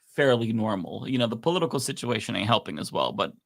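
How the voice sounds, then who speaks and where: A man's voice: lowish voice, big pitch swings, quick pace, gravelly. A man co-hosting a political livestream, reading donations and chatting casually with many fillers and restarts. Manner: rambling, filler-heavy, laughs easily.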